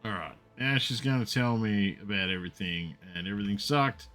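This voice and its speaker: A man with a very low voice talks loosely through a gaming stream, relaxed and quick to curse. Faint game music plays underneath his chatter. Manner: laid-back, swears freely. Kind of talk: casual chat while gaming.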